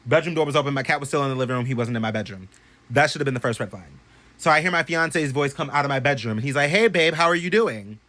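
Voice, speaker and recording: A young man casually telling a story to his phone camera at home, animated and profane, swinging from loud bursts to hushed asides. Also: mid-range voice, rapid-fire. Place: bedroom at home.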